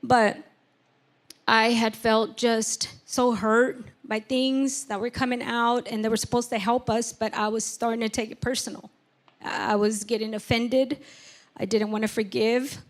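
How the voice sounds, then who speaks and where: Woman, personal testimony, candid and halting, slightly high-pitched. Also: flat delivery. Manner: candid, emotional, halting with many fillers. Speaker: church member giving testimony.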